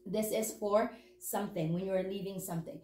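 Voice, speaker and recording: A woman's voice: mid-range voice, steady tone, fairly quick, dark tone, reverberant, poor audio. A woman teaching a grammar lesson, patiently breaking words down and repeating them. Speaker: language teacher. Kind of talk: slow, explanatory grammar lesson.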